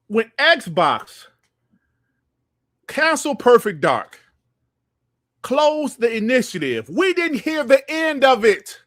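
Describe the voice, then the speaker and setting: A man hosting a gaming podcast livestream, ranting in a heated, profane and animated way. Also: very high voice, slow, pauses often, no room sound, studio quality. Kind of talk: livestream commentary rant.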